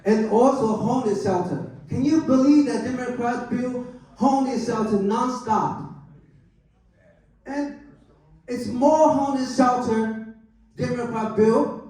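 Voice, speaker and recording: A high-pitched man pleads his case at a club meeting in broken, emphatic English. He talks slowly and keeps asking the room whether it agrees. The voice comes from far off in a very echoey room. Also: warm tone. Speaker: political candidate. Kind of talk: angry campaign speech at a club meeting.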